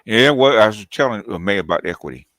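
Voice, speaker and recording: Low, lively-voiced man, probing host. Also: fast talker. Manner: terse, probing interjections. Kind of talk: casual podcast chat.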